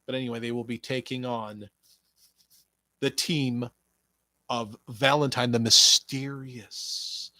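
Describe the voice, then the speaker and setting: A man's voice: mid-range voice, fairly even intonation, unhurried, pushed and bright, no room sound. A young man hosting a casual wrestling podcast, rambling and sarcastic, swearing and talking straight at a wrestler. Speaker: podcast host.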